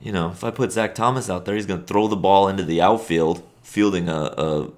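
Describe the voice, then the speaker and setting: A man with a very low voice co-hosts a casual sports podcast. He rambles through game notes with lots of fillers and little chuckles. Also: brisk, darkish tone. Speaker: podcast co-host.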